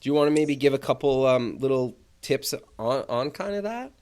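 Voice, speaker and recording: A man's voice: medium pitch, animated, moderate pace, a little mellow. A man hosting an interview and giving short, encouraging replies to his guest. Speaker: host.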